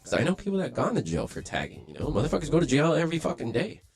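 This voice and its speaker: A man's voice: a little high, wildly swooping pitch, rapid-fire, creaky, slightly rough, no room sound, soft background music. A young man telling a story in casual, profane talk, acting out the voices of the people he quotes. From Los Angeles. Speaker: livestream host.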